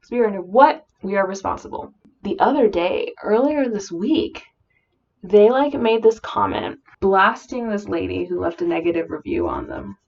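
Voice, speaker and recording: A woman's voice: mid-range voice, sing-song, normal speed, creaky, a little mellow. A woman vlogger rambling in casual chat while doing her makeup. She mumbles and fills her talk with "like.". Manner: filler-heavy valley-girl chatter. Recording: dull lo-fi audio.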